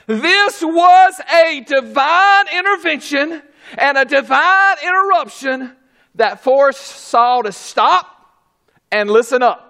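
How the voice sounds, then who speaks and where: A man preaching a sermon who swings between quiet asides and shouted exclamations, calling out praises as he goes. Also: very high-pitched, animated, slow pace. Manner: calls out "glory, hallelujah".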